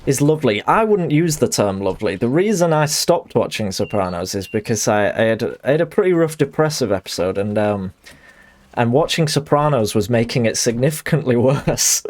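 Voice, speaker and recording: A man's voice: medium pitch, animated, normal speed, a little mellow. A young adult man, streaming a game and chatting in a rambling, self-deprecating way. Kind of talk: casual chat while gaming.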